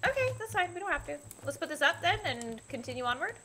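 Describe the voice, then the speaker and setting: A woman's voice: high voice, sing-song, fast talker, bright, forceful tone, a little hiss or hum. A woman in a casual co-op gaming chat, chatty and playful, with lots of filler words. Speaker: co-op gaming partner.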